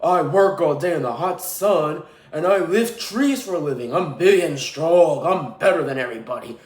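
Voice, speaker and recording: A man's voice: fairly high pitch, expressive, normal speed, lightly acted. A man voicing a boastful, arrogant male tree worker, sneering and profane. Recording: roomy echo.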